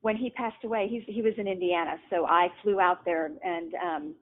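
A woman's voice: on the low side, steady tone, moderate pace, a little hiss or hum. A middle-aged woman, a guest author, telling personal stories in a casual, chatty way, laughing often and restarting sentences. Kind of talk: casual storytelling. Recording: tinny phone line.

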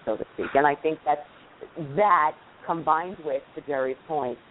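Brief: deep-voiced woman, New York accent, insistent panelist, tinny phone-line sound with faint hiss. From Queens, New York. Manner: emphatic, insistent. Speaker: recruiting panelist. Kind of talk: casual panel discussion.

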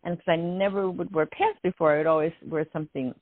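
An older woman tells her story down a tinny phone line. Her voice sits low, and she talks in an animated way and often breaks into laughter. The sound is dry and close. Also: quick pace, no room sound. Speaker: guest. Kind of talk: telling a story.

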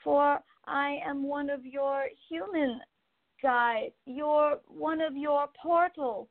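A woman giving voice to a pet cat that speaks to its owner in a gentle, repetitive, pleading way, as a channeled message over a phone-like line. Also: sits high, steady tone, slow, pitched above the performer's own voice. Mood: tender.

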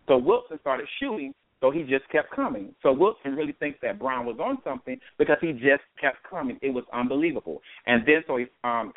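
A man's voice: medium pitch, no room sound. A man hosting an online call reads a report aloud, his mid-range voice broken by fillers and false starts. The sound is thin and phone-like, with no room around it. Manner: hesitant, with frequent fillers and restarts. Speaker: host. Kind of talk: reading a news account aloud and commenting. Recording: dry phone-line call audio.

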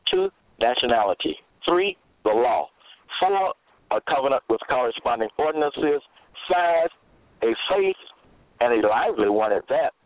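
A man's voice: medium pitch, lively intonation, moderate pace, dry recording. A man preaching a radio-style sermon, teaching in a didactic way and asking the listener rhetorical questions. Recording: tinny phone-line sound, dry.

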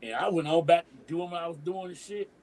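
A man's voice: fairly high pitch, brisk, rough recording. A middle-aged man from Detroit, a DJ and emcee guesting on a podcast, telling a long story in profane slang and acting out what others said. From Detroit, USA. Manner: animated storyteller, profane slang, acts out quoted dialogue. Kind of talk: casual storytelling interview.

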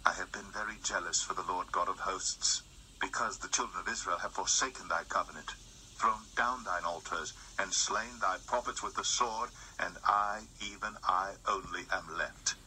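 Deep-voiced man reading scripture. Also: normal speed, slight background noise, rough recording. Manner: steady King James reading, rising in force at dramatic lines. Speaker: Bible reader.

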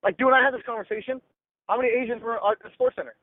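A middle-aged sports broadcaster from Los Angeles, talking bluntly and emphatically with slang in a casual podcast interview over a tinny, dry line. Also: male voice, very high-pitched, fairly even intonation, racing, dry recording.

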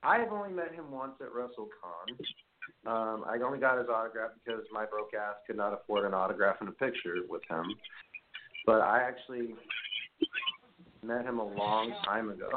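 A man's voice: on the low side, normal speed. A man from Brooklyn with a New York accent, hosting a casual call-in interview and telling rambling, profanity-laced stories. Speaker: podcast host. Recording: tinny phone-line sound, faint noise.

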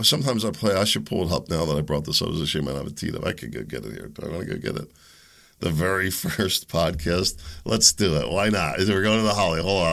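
A man's voice: deep voice, vocal fry, a bit bright. A man hosting a solo podcast, rambling and conversational, often correcting himself mid-sentence and asking pointed questions. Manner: opinionated and questioning. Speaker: podcast host.

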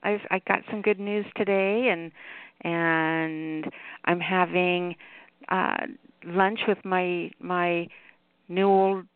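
A woman's voice: on the low side, little pitch movement, slow pace, clean tone, dry recording. A woman hosting a call-in radio show, chatting casually and laughing easily with callers. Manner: warm, giggly, chatty with callers. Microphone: phone. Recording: tinny phone line.

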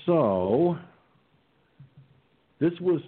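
A man's voice: fairly high pitch, very animated, very slow, slightly rough. A man hosting an online political radio talk show, sarcastic and combative, reading his own replies aloud. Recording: tinny phone-line sound.

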